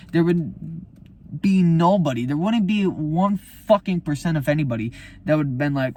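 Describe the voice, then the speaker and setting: A man's voice: a little high, very animated, normal speed, no echo. A man, a musician, talking about his album in a casual, profane, heated rant. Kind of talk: casual unscripted monologue.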